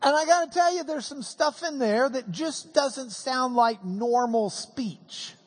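Preacher, sermon, folksy joking teacher, unhurried delivery, husky tone. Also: high voice, big-room sound.

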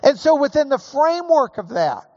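A man preaching a sermon, slow and emphatic, building to raised emphasis on key points. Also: extremely high pitch, very animated, a little mellow, dry recording, muffled recording. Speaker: pastor.

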